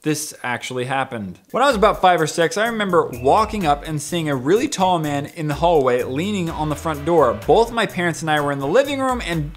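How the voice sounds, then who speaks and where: A young man reads viewer comments aloud in a fairly high voice, animated and leaping up in pitch whenever a story turns silly. Faint music plays underneath him. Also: a little fast, hardly any pauses. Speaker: YouTuber reading viewer comments.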